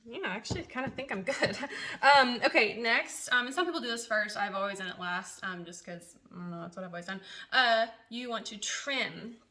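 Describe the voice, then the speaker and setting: Young adult woman, waxing pro, casual how-to, chatty with nervous laughs, slightly high pitch. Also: brisk, sharp tone. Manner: drops to a whisper while waxing herself. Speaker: waxing professional. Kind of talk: casual tutorial.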